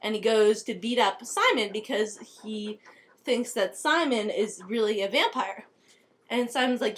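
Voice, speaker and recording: A woman's voice: a little high, lively intonation, unhurried, a bit bright. A woman improvising a silly story, giggly and rambling.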